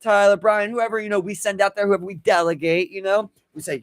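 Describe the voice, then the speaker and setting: A man with a Baltimore accent co-hosting a podcast, telling animated stories and acting out shouts. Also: high voice, fairly quick, dry recording. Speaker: podcast co-host. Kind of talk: casual chat.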